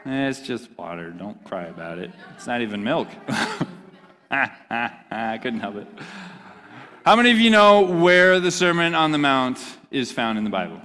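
A man's voice: medium pitch, very animated, unhurried, pushed and bright, long reverb tail. A man giving an interactive, joking sermon to a youth group, quizzing the audience as he reads scripture. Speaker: youth pastor.

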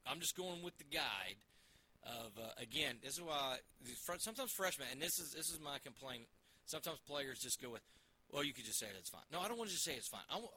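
A man co-hosting a sports podcast, talking in an animated, rambling way with many restarts. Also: medium pitch, fast talker, breathy edge, rough recording. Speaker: co-host, sports broadcaster. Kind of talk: casual sports chat.

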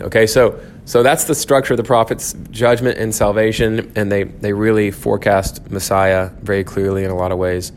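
A man's voice: lowish voice, steady tone, normal speed, hardly any pauses, a little hiss or hum. A man teaching a church class, thinking aloud with frequent restarts and fillers.

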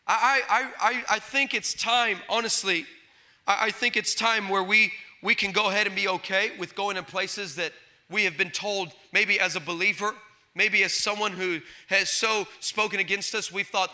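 A man preaching a sermon with passion, swinging between loud declarations and hushed asides, telling stories with acted-out quotes and stammered restarts. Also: sits high, normal speed. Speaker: pastor.

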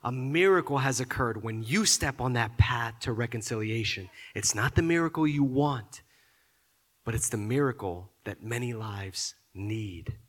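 A man preaching a sermon, often repeating his words and building to loud, emphatic peaks. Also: medium pitch, a little slow. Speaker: pastor.

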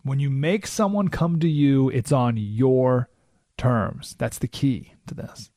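This political talk radio host speaks slowly at medium pitch, recounting a story with animation and repeatedly asking "right?" into his studio microphone. The recording is dry.

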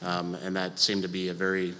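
A soft-spoken man in his thirties teaches an estate planning class in a church auditorium, talking casually through a microphone with fillers and the odd joke. His voice sits a little low but has a forceful, bright edge. A long reverb from the large hall trails behind every phrase. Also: completely flat delivery, brisk, slight background noise. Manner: conversational, with fillers and light jokes; speaks softly. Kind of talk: informal lecture to a congregation.

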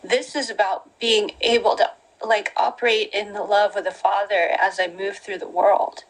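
A woman's voice: medium pitch, steady tone, normal speed, low-quality recording. A woman hosting a podcast, talking about faith in a casual devotional way, earnest and full of fillers like "like" and "you know". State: getting emotional near the end. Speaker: podcast host.

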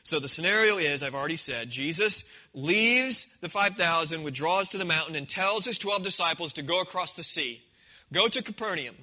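Guy preaching, kinda high voice, tells it like a story, acts stuff out. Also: animated, normal speed, sharp tone, poor audio. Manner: conversational storytelling, acting out the scenes. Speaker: pastor. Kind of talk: sermon.

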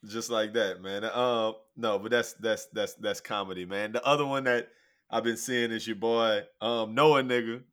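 A man's voice: on the low side, steady tone, moderate pace, a bit bright, clear, resonant tone. A man co-hosting a podcast, chatting and joking in a laid-back way. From Shreveport, Louisiana. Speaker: podcast co-host. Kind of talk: casual chat.

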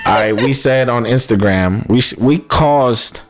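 A man's voice: medium pitch, unhurried, over music. A man co-hosting a radio podcast in casual chat, laid-back and reading listener comments aloud with emphasis. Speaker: podcast co-host. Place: podcast studio.

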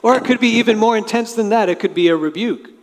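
A pastor preaches a sermon in a church sanctuary, his voice sitting high and moving at a quick pace. He talks conversationally, explaining things with asides. The recording carries the long reverb of a large hall.

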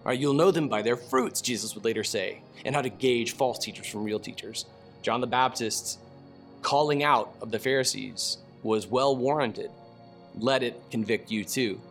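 Man, mid-pitched, animated and slangy Bible teacher who reads scripture and laughs at his own asides; faint music underneath. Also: normal speed.

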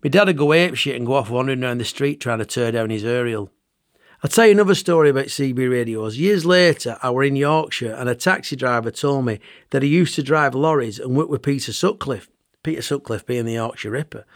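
A man's voice: mid-range voice, a little fast, no echo. A middle-aged man with a Bolton accent, reading his own memoir aloud in a dry, chatty storytelling manner with northern turns of phrase. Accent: Bolton, Lancashire. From England. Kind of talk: audiobook narration.

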